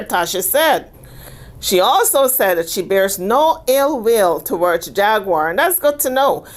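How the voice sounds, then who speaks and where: A woman hosting casual gossip commentary in a sassy, chatty way, often tossing in little "okay?" asides. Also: medium pitch.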